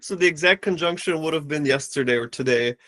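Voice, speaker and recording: A man giving an astrology reading in a calm, explanatory way. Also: fairly high pitch, fast talker. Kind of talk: casual consultation.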